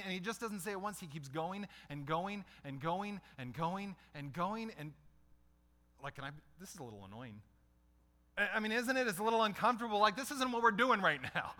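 A man's voice: high voice, lively intonation, normal speed, sharp tone. A middle-aged man preaching a conversational sermon as a pastor, putting questions to his listeners.

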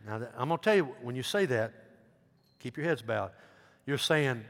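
A middle-aged man, a pastor giving an earnest altar call, swinging between loud emphasis and hushed pleading. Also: mid-range voice, expressive, moderate pace. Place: large church sanctuary. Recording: long hall reverb.

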